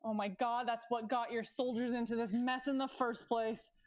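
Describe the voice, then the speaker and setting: A woman's voice: a little high, level tone, normal speed, darkish tone. A woman playing a tabletop game, chatting casually and correcting herself as she goes. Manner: hesitant, self-correcting. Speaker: player.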